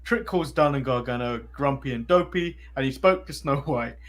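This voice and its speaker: A man's voice: mid-range voice, normal speed, fairly bright tone. A man with an English accent co-hosting a casual podcast, recapping events and chuckling as he goes. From England. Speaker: podcast co-host. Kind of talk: casual chat.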